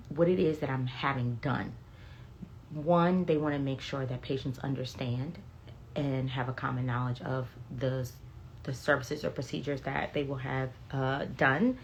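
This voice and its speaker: Low-voiced woman chatting on a livestream. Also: highs cut off, slight background noise. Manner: candid, animated storytelling with blunt profanity; reads viewer comments aloud. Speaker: beauty vlogger sharing health updates. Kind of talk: casual livestream chat. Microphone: phone livestream.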